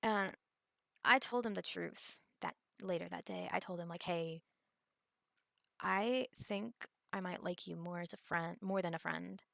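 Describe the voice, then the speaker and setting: Young woman, casual storytime vlog, rambling, fry in the voice, low-ish. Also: a little slow, fairly bright tone, no room sound, clean studio sound. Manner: rambling, many fillers and restarts. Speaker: vlogger.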